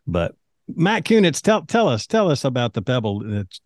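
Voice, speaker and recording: A man co-hosting a podcast, introducing his guest in rambling, halting sentences. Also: medium pitch, sing-song, no echo, clean studio sound. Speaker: podcast co-host. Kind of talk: casual interview chat.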